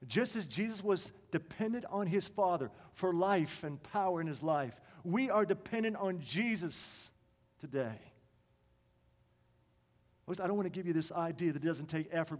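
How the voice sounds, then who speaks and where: Impassioned high-voiced male preacher. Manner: passionate, emphatic, swings to soft quiet tones. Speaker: pastor. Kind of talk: sermon. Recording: long reverb of a large hall.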